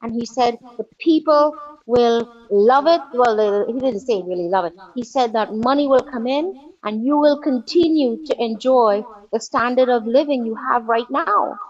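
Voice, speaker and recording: A woman's voice: fairly high pitch, lively intonation, moderate pace, darkish tone. Indignant woman caller, muffled. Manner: indignant, sarcastic, rhetorical questions. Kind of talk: angry political call-in rant.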